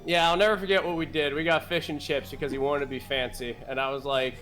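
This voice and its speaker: A man in his thirties telling a story in casual chat, animated and swearing, laughing often. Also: on the high side, fast talker, hardly any pauses, soft background music. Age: 30s. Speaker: game master and streamer. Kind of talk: casual chat between players.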